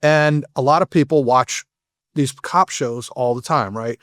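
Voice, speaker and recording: A middle-aged man, a former SWAT operator and FBI agent, talking fast in a podcast interview and explaining with many restarts. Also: mid-range voice, fairly bright tone, no room sound, studio quality.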